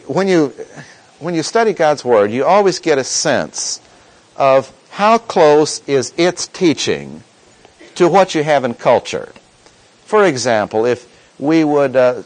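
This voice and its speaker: A man delivers a sermon in an animated, rising-and-falling voice. He leans on quoted verses with deliberate emphasis and turns to the congregation with questions. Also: medium pitch, rough recording. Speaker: preacher.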